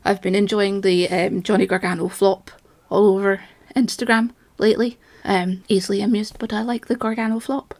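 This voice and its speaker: A woman's voice: medium pitch, flat delivery, normal speed, darkish tone, dry recording. A woman ranting in an agitated, rambling, self-mocking monologue, a little out of breath. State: slightly out of breath. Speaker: vlogger.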